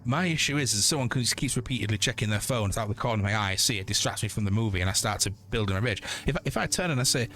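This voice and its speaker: A man in his forties, a streamer ranting casually and swearing, with lively storytelling. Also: fairly low pitch, very fast, hardly any pauses. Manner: sweary, animated storytelling with mock voices. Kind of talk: casual rant while gaming.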